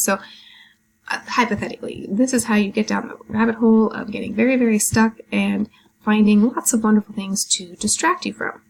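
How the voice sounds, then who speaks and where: A woman's voice: mid-range voice, steady tone, fairly quick, gravelly, a little mellow. A woman coaching business owners on blogging in a chatty, rambling, upbeat casual tutorial. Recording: roomy echo, faint ambience.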